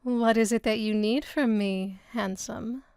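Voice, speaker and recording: A woman reading the part of a lewd, taunting demon-possessed teenage girl, with slow, sneering menace. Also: a little high, steady tone, a little mellow, clear, resonant tone, no room sound, studio quality. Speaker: actor in a scene reading. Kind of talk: staged script reading.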